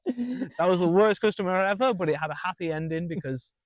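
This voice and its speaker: Young manchester guy, lively storyteller, kinda high voice, dry close mic. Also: a little fast, no room sound. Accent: Mancunian English. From England. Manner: animated, laughing storyteller. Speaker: guest comedian. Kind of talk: casual storytelling.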